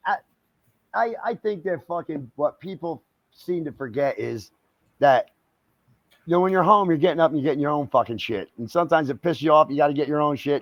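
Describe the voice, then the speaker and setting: A foul-mouthed man rambling through casual podcast chat, stumbling and restarting as he talks. His fairly high voice sounds dry and close to the mic. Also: dry recording, dull audio. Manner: rambling, heavily profane, halting. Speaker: podcast co-host.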